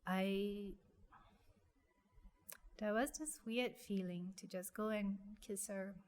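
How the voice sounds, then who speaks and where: Soft-spoken woman, halting. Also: medium pitch, fairly even intonation. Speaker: guest. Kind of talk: personal story in an interview.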